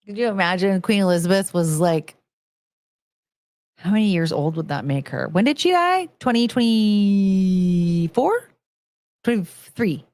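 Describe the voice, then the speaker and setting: A woman streamer rambles through a casual live chat, giggling and poking fun at herself as she goes. Her voice sits at an ordinary middle pitch and sounds close and dry, with no room echo at all. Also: animated, a little slow, pauses often, darkish tone. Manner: rambling, giggly, self-mocking.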